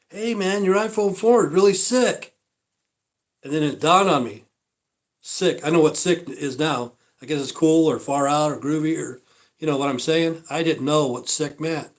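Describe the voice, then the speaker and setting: An older man rambling through a casual livestream monologue, profane and repetitive, circling back over his points. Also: on the high side. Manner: rambling, profane, repeats himself. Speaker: livestream host.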